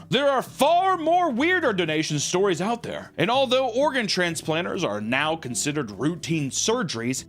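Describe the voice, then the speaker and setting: A man with a fairly high, lively voice hosts a casual podcast. He reads out odd stories and breaks them up with crude jokes and goofy quoted voices. His talk bounces up and down in pitch. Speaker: podcast host. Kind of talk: casual comedic podcast storytelling.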